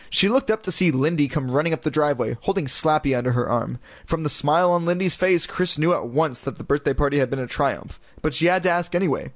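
A man narrating a storybook in parody, with deadpan crude ad-libs. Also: a little high, quick pace, hardly any pauses, no room sound.

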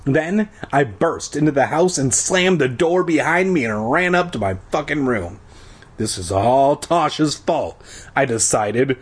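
A man's voice: medium pitch, husky. A man reading a story aloud and breaking off for sarcastic, profane jokes. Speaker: reader. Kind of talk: comedic book reading with crude asides.

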